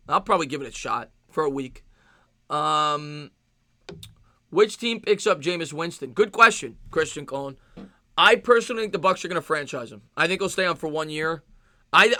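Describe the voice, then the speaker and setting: A man with a New York accent runs a casual live-stream Q&A and answers viewer questions as they come in. His voice is bright and forceful, set a little higher than most men's. He talks loosely, with many fillers and repeated phrases, recorded dry and close. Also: dry recording. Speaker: sports stream host.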